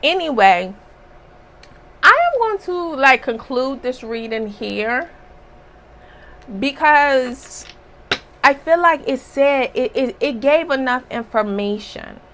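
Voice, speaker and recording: Slow, bright-voiced woman giving a spiritual reading. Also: high-pitched, expressive, slight background noise, rough recording. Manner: emphatic and preachy, with rhetorical asides. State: slightly hoarse. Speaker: spiritual reader.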